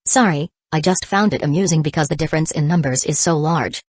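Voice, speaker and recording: A woman reading the lines of a calm, calculating young ninja man in a measured, persuasive way. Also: low voice, dry recording.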